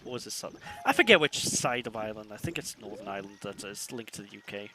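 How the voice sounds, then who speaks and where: A man's voice: lowish voice, expressive, quick pace, noisy background. A man chatting casually while playing a video game, laughing often and using British slang. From Wales. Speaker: streamer. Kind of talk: casual gameplay commentary.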